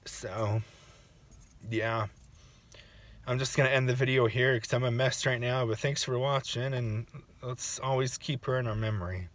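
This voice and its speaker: A man in a casual personal reaction vlog, talking in an emotional, halting way and restarting his sentences. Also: medium pitch, fairly even intonation, fairly bright tone. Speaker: vlogger.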